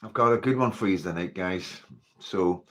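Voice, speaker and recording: Man, Northern Irish accent, somewhat low voice, casual livestream host, rambling chatty delivery. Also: moderate pace, a bit bright. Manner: chatty, rambling, with frequent fillers like "you know" and "like". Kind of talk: casual livestream chat, greeting viewers.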